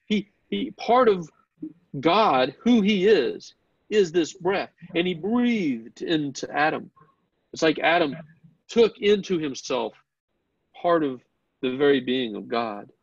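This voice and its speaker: A man with a gravelly, mid-pitched voice teaches a Bible class at an unhurried pace, earnest and plainly excited, often bouncing questions back to the students. The audio sounds dull, lo-fi and dry.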